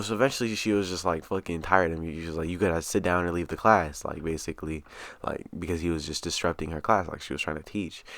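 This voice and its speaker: A man's voice: sits low, no room sound. A young man telling a rambling, casual story as a vlogger, full of fillers and swearing.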